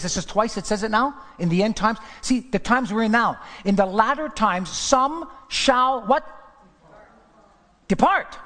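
A man preaching a sermon as pastor, emphatic, firing rhetorical questions and dropping from loud declarations to hushed asides. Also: high voice. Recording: long hall reverb.

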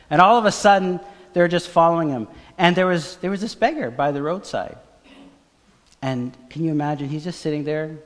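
A man preaches with a fairly high voice, dropping to hushed tones and then climbing to excited shouts as he acts out the story. His sermon rings with the long reverb of a church hall. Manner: dramatic, swings from hushed to shouting. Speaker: pastor.

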